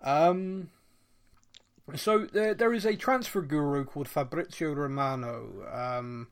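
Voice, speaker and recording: A man co-hosting a podcast in casual football chat, chatty and quick to laugh, with plenty of fillers. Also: fairly high pitch. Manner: chatty, laughs often, many fillers and restarts; reads listener mail aloud. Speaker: podcast co-host.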